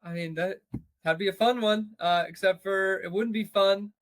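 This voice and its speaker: A man's voice: sits high, steady tone, normal speed, no echo. A man co-hosting a podcast, talking playfully and laughing often as he rambles. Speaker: podcast co-host. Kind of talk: casual podcast chat.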